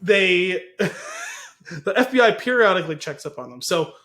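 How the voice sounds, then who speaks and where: A man with a somewhat high voice chats casually as a podcast co-host. He rambles through a long retelling, pausing and laughing as he goes. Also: huge pitch swings, a bit bright. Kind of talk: casual chat.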